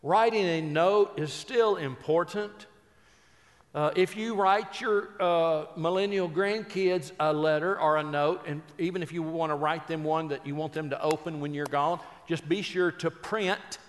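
A man's voice: on the high side, measured pace, big-room sound. An older man, a Christian speaker and humorist, telling folksy, joking stories that turn earnest. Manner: folksy, joking storyteller who turns earnest. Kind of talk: humorous storytelling talk.

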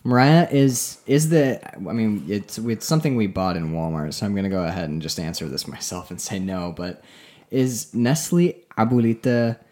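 A man co-hosts a casual podcast chat, rambling with many fillers and restarts. He speaks at a moderate pace in a fairly low, slightly mellow voice.

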